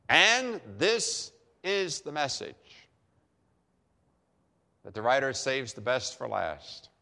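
A man preaching a sermon emphatically, with dramatic pauses and repeated phrases for effect. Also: on the high side, fairly bright tone. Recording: long hall reverb.

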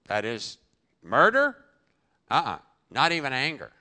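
A man preaching in a bright, forceful voice that leaps around in pitch. He punches key phrases loudly, then drops to a near-murmur, and answers his own rhetorical questions. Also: big pitch swings, unhurried, long pauses. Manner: emphatic, with sudden loud bursts and drops to quiet. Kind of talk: sermon.

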